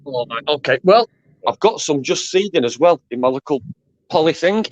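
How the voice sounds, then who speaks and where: A man with a Northwest England accent, chatting as a guest gardener on a video call, deadpan and halting with restarts. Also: a little high, no echo, dull audio. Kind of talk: casual chat.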